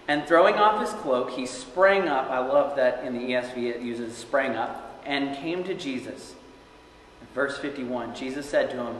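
A young man preaching a sermon in earnest, reading scripture and rising to loud cries as he acts out the quotes. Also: medium pitch, normal speed, slight background noise. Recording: very echoey hall with long reverb.

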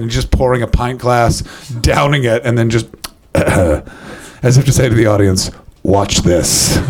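Working the crowd on a club stage, a male comedian improvises stand-up in a gravelly, creaky voice that runs low and a little mellow. He's wry and teasing, swears casually, and speaks close into a handheld mic.

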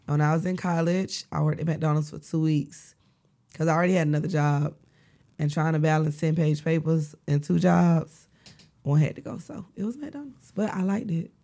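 Gravelly-voiced sassy young woman. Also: sits low, normal speed, warm tone. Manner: blunt, sassy, acts out quotes. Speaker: podcast co-host. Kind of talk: casual storytelling chat.

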